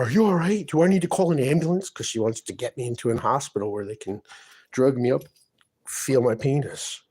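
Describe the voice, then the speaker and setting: A man with a middling pitch and a creaky, raspy voice talks in his apartment. He sounds distressed and aggrieved, rambling from complaint to complaint. His voice has a rough, breathy edge throughout. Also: darkish tone. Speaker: vlogger. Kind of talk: rambling personal monologue to camera.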